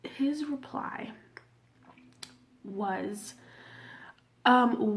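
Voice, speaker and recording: A woman's voice: a little high, unhurried, pauses often. A woman in her twenties telling a personal story to camera in a casual, candid way, swearing freely and sometimes dropping almost to a whisper. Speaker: vlogger.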